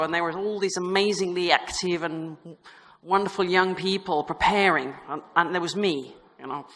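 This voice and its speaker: A woman's voice: on the low side, sharp tone. A woman, a religious sister and university vice rector, giving an informal, chatty conference talk with self-deprecating asides and frequent restarts. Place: large conference hall in a crypt. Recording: long reverb of a large hall.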